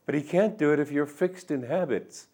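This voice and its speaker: An older man giving a reflective spiritual talk, speaking gently and musingly, with soft drawn-out endings. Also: on the high side. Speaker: spiritual teacher.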